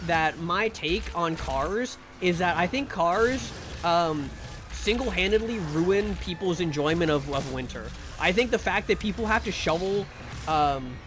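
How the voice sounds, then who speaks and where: Male live streamer with a high voice, chatty and profane, over a noisy background. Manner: rambling and profane, with excited sing-song greetings. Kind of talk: casual chat with live viewers.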